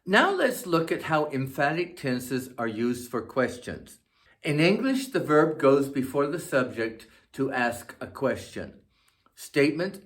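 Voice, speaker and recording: A man teaching a scripted grammar lesson, speaking slowly and enunciating each word with care. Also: a little high, big pitch swings, a bit bright. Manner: slow, deliberate, carefully enunciated. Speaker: language teacher.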